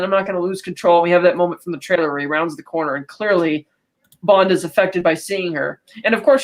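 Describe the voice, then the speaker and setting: A woman co-hosting a podcast, casually recapping a film and quoting characters in quick asides. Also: mid-range voice. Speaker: podcast co-host.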